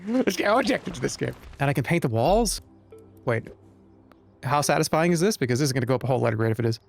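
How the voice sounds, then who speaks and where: A man's voice: medium pitch, lively intonation, quick pace, creaky, soft background music. A man streaming a game live, chatting to viewers in a joking, rambling way. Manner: joking, rambling, talks to chat. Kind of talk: live-stream gameplay commentary.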